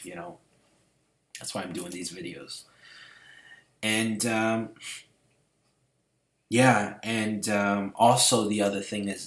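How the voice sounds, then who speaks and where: Man with a lowish voice, casual storytelling vlog, lots of fillers, goes hushed then loud, echoey room. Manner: rambling, many fillers, shifts from hushed to loud. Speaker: vlogger.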